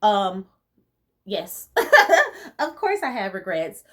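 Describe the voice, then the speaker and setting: A young woman from the rural US talks through viewer questions in a loose, chatty vlog voice. She is animated, laughs often and leans on relaxed slang. Her voice sits at a middle pitch for a woman. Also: slow pace. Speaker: vlogger answering viewer questions. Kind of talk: casual chat.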